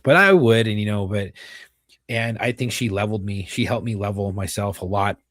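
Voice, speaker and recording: A man, a retired police officer, talking candidly as a podcast guest, halting and repeating himself, swearing casually. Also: on the low side, fairly bright tone, dry recording, clean studio sound.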